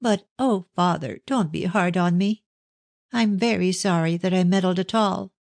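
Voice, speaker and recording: A man's voice: high-pitched, moderate pace, gravelly, no room sound, pitched above the performer's own voice. A frightened young daughter, tearful and pleading, her voice lifted well above her reader's own, as a man voices her. She sounds close and dry, like a storybook recording. She sounds breathless with worry. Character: anxious tearful young woman, a devoted daughter. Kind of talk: audiobook character reading.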